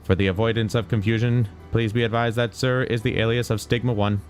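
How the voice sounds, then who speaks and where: A man's voice: on the low side, a little fast, faint music behind, lightly acted. A man doing a clipped robot soldier. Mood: robotic. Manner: mechanical, monotone delivery. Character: male combat robot soldier, flat and clipped. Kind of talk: reading game dialogue aloud.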